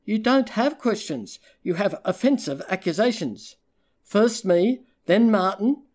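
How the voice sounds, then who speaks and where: A man voicing a sharp, sarcastic woman detective. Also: high-pitched, animated, measured pace, voice pushed up. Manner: cutting, sarcastic. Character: sharp-tongued female private investigator.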